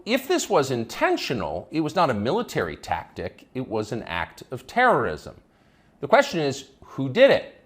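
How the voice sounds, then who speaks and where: A man's voice: mid-range voice, slightly rough. A man hosting a news commentary show, delivering a scornful, emphatic opinion monologue.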